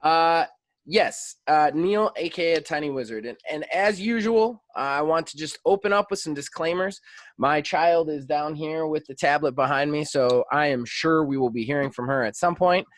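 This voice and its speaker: A man in his thirties hosting a podcast, telling a story in a lively, animated casual chat. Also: fairly high pitch, normal speed. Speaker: podcast host.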